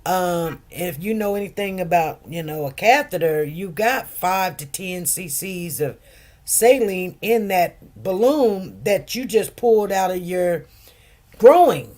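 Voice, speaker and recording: A woman's voice: on the low side, expressive, takes it slowly, a little mellow. Emphatic woman telling a work story. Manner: emphatic storytelling with many restarts. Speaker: nurse, co-host. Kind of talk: casual chat.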